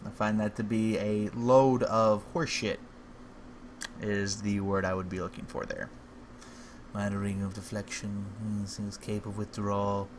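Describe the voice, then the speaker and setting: A man livestreaming a fantasy game, reading the game's text aloud with slow, measured narration and breaking off into wry, joking asides. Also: fairly low pitch, little pitch movement, slight background noise. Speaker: game streamer.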